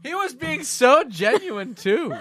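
A man's voice: extremely high pitch, very animated, slow pace, over a noisy crowd. A man co-hosting a podcast in casual chat, making wry remarks. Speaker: podcast co-host.

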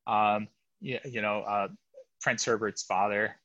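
A man's voice: fairly low pitch, steady tone, a little slow, fairly bright tone, no echo, highs cut off. A middle-aged man as an interview guest, telling a long rambling story and interrupting himself. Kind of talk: casual interview chat.

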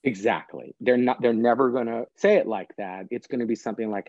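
A man's voice: medium pitch, fairly quick, few pauses, no echo, dull audio. A man, a guest author and prosecutor, explaining practical steps in an earnest, plain-spoken way during a podcast interview.

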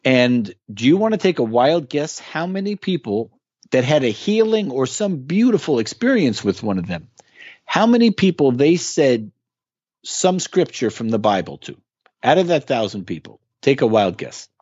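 A man's voice: mid-range voice, very animated, normal speed, darkish tone, breathy edge, dry recording, highs cut off. A man talking as a guest in a casual interview, explaining with earnest emphasis. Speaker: guest musician.

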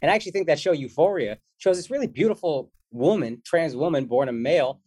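A man who is a comedian, talking as a guest in a casual interview in an animated, joking and slangy way. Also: on the high side, fast, husky, dry recording, studio quality.

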